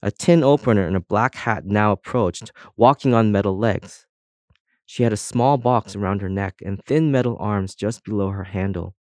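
A man narrating a children's storybook in an expressive storytelling manner. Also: on the low side, normal speed, dry recording, clean studio sound. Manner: expressive storytelling, voices each object. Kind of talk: audiobook narration.

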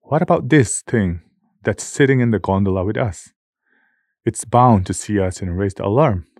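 A man's voice: fairly low pitch, normal speed, darkish tone, no room sound, clean studio sound. Man voicing a scared little boy, whispering, anxious, storybook. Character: small frightened boy hiding.

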